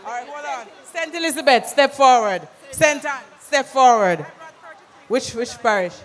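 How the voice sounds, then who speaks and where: An MC with a Jamaican accent hosting a live event, calling out loud directions to a crowd and slipping into patois. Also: sits high, lively intonation, measured pace. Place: large conference hall. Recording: hall reverb with music behind.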